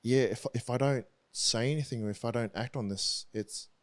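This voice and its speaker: A man in his thirties, a rugby league player, talking candidly as a podcast guest in an earnest, halting way with frequent restarts. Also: medium pitch.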